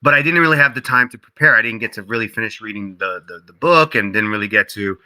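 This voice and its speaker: A man being interviewed as a guest, telling a casual story in an animated way, acting out quoted dialogue, with many fillers and restarts. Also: on the low side, fast talker, rough recording. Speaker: interview guest, game company co-founder.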